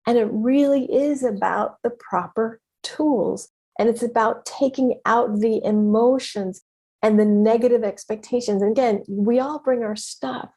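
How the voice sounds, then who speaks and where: A middle-aged woman hosting her own podcast, telling a story in a lively, conversational way with frequent exclamations and laughter. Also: on the high side, breathy edge. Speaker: podcast host and business mentor. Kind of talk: casual solo podcast monologue.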